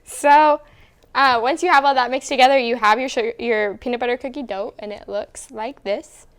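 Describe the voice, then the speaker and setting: A woman's voice: fairly high pitch, steady tone, moderate pace, slight background noise. Young woman teasing on a cooking show. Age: young adult. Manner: bossy, teasing, explains steps. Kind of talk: casual student cooking show.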